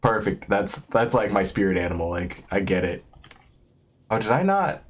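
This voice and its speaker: A man's voice: on the low side, very animated, normal speed. A man streaming a game, rambling in a casual, self-deprecating way with lots of fillers. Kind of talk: casual gameplay commentary.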